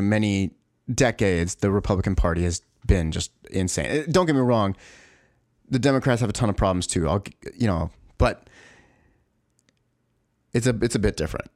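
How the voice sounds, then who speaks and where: A man's voice: lowish voice, moderate pace, long pauses, a little mellow, no room sound, clean studio sound. Profane exasperated man ranting. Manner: profane, exasperated, rambling with restarts. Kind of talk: ranting monologue.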